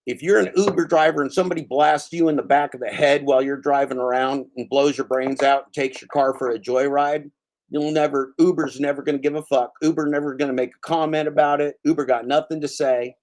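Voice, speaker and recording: A man's voice: fairly high pitch, fairly quick, vocal fry, darkish tone. A man hosting his own channel, delivering a heated, profane rant and calling out a commenter by name. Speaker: channel host. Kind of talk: angry spoken rant.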